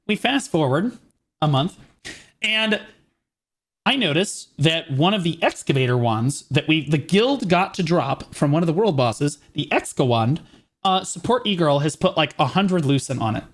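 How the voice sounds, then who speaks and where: A male streamer telling a story to his chat in casual, profane, animated fashion, mocking the people he quotes. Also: a little high.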